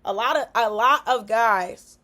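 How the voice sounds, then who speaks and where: High-voiced woman, frank and animated. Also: unhurried. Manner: frank, animated, slangy, acts out quoted remarks. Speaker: vlogger. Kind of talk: casual talk to camera.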